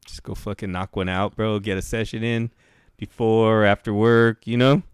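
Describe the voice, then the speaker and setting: A man's voice: on the low side, fairly even intonation, moderate pace, clear, resonant tone, no echo, studio quality. A young man co-hosting a casual podcast chat, teasing his partner in crude, slang-heavy talk. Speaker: podcast co-host.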